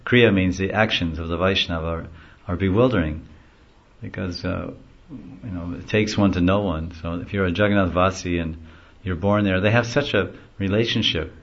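A man with a low voice gives a devotional lecture, telling stories in a loose, conversational, rambling way. The recording sounds dull and lo-fi. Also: moderate pace. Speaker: devotional class speaker.

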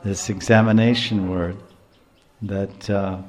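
A man's voice: on the low side, slow. Male preacher, storytelling lecture, laughs often, explains words, roomy echo. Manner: animated, chuckling, explains terms.

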